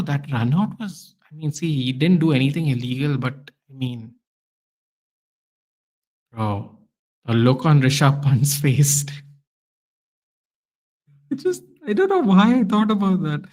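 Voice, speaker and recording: A man with a fairly high voice hosts a live match watchalong. He talks in loose, slangy chat and breaks into excited outbursts at the action on the pitch. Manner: excitable, slangy, reacts loudly to play. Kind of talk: casual live football commentary and chat.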